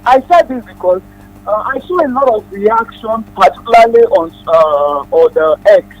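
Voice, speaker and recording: A man's voice: sits high, lively intonation, moderate pace, poor audio. A man with a Nigerian accent calling a radio show, speaking earnestly with many hesitations. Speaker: caller. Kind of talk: phone-in call on radio.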